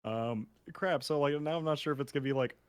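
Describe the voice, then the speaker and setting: A man's voice: mid-range voice, fast, smooth. Easygoing man chatting on a podcast. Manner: easygoing, joking. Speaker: podcast co-host. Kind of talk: casual podcast chat.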